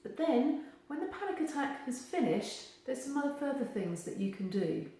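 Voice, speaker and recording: A woman gives advice straight to camera, animated and acting out the voices she quotes. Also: high voice, moderate pace. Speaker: therapist giving advice. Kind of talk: direct-to-camera advice video. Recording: very echoey room.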